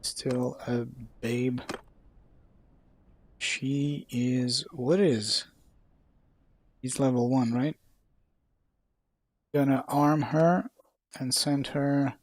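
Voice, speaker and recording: A man's voice: mid-range voice, steady tone, very slow, pauses often. A man streaming a video game live, giving casual commentary. He swears freely and laughs at what happens on screen.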